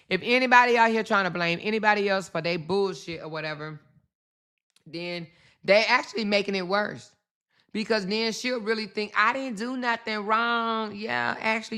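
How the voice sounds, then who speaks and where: A woman's voice: lowish voice, pushed and bright. A woman hosting her channel, giving blunt, profane casual commentary to her viewers, repeating herself and turning aside to talk to them. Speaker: channel host.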